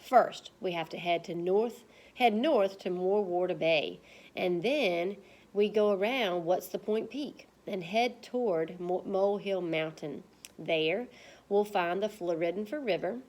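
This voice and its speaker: A woman's voice: fairly low pitch, measured pace, a little mellow, lightly acted. A woman voicing a clever, smug young female mouse from a storybook, speaking in a self-assured, explanatory way. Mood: explaining.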